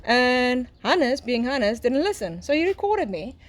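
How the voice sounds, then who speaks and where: A woman's voice: high voice, sing-song, a little slow. A middle-aged South African woman with an Afrikaans accent, a guest telling stories in a casual chat and laughing often. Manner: chatty storyteller, laughing often. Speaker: guest, braai and smoking teacher. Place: outdoor garden.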